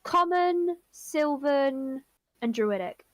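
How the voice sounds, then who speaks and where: A woman's voice: high-pitched, expressive, slow pace, no room sound. A woman running a tabletop game as game master, narrating scenes and voicing the characters lightly.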